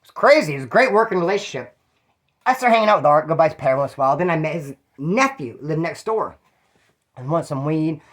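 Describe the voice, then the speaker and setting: A man's voice: fairly high pitch, lively intonation, quick pace, a bit bright. A man from Bakersfield, California, telling prison stories in a slangy, profane, rambling way with frequent asides. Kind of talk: casual storytelling monologue.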